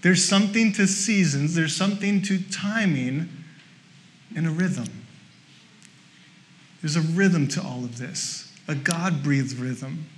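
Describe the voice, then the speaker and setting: A man preaching a sermon in a conversational, self-mocking way, jumping into high bursts when he acts out his own frustration. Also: takes it slowly, long pauses, slight background noise. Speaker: pastor.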